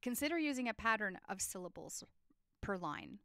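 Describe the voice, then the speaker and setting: A woman teaching a lesson on poetry structure, explaining clearly and reading poems aloud with feeling. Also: medium pitch, big pitch swings, moderate pace, bright, forceful tone, no room sound, clean studio sound.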